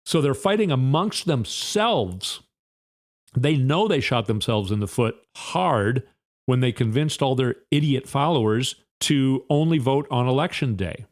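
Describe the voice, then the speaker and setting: A podcast host runs a solo commentary show in a middle-pitched voice, sounding fired-up and indignant as he piles rhetorical question upon rhetorical question. His intonation is lively and his pace measured.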